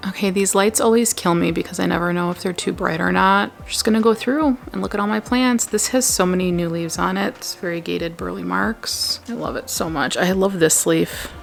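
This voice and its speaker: A woman's voice: fairly low pitch, a little fast, gravelly, hardly any pauses, faint music behind. A young woman chatting casually and gushing as she films a tour of her plant shelves at home on a handheld camera. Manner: gushing, chatty, drops to a whisper at times. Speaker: plant vlogger.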